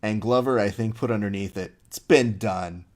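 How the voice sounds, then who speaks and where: A man's voice: on the low side, moderate pace. A man hosting a casual interview, telling stories with energy and acting out the lines he quotes. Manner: animated storyteller who acts out quoted lines. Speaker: podcast host.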